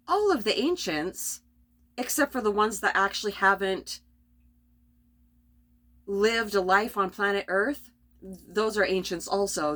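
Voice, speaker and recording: Earnest rambling woman vlogger. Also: mid-range voice. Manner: earnest, rambling, often restarts and laughs softly. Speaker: spiritual vlogger. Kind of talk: casual spiritual monologue.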